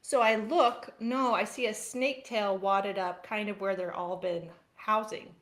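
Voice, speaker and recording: Lively woman co-host telling a story. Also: medium pitch, a little slow. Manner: animated storyteller, laughs often. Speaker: podcast co-host. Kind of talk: casual chat, telling a story. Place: farm household.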